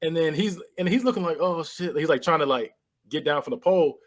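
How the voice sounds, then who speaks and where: A man co-hosting a podcast, casually retelling a movie scene by scene and acting out the characters' lines with lively voice changes. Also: a little high, fast. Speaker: podcast co-host. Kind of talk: casual movie recap chat.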